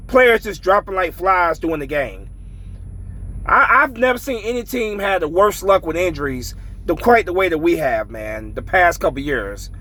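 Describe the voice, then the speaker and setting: A man's voice: high voice, pushed and bright, poor audio. A man ranting as a frustrated sports fan in a casual vlog, swearing heavily and repeating himself.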